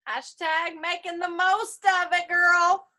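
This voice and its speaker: A woman's voice: very high voice, level tone, takes it slowly, pushed and bright. A woman chatting with a friend over a video call, cheering her on in a playful sing-song way. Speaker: guest friend. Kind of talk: casual chat.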